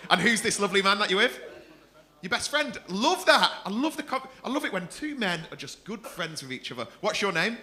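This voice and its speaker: A man's voice: high voice, big pitch swings, brisk, bright, forceful tone. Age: adult. Sex: man. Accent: Mancunian. Role: stand-up comic doing crowd work. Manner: teasing, sweary. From North West England. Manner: teasing, sweary, laughing through his jokes. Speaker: stand-up comedian. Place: comedy club stage.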